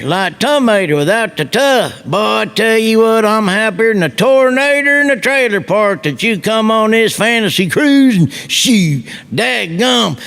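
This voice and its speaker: A man's voice: high voice, a bit bright, long reverb tail, pitched above the performer's own voice, exaggerated voice. A man doing a hearty Southern cartoon tow truck. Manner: hearty, folksy country sayings. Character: cheerful folksy male cartoon tow truck.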